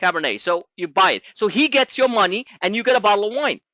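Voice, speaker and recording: A man coaching a trading group, explaining markets in an animated, rambling way with many restarts. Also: sits high, fast talker, no room sound, muffled recording.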